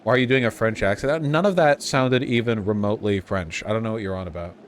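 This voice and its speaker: A man's voice: fairly low pitch, fast talker, slight background noise. An American man chatting casually and joking as he streams a video game. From United States. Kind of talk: casual gameplay commentary. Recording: game music playing behind.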